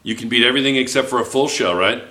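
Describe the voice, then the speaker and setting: A man with a medium-pitched voice that sounds pushed and bright races through a chemistry lesson in an echoey classroom. Playful and joking, he fires questions at his students throughout the lecture.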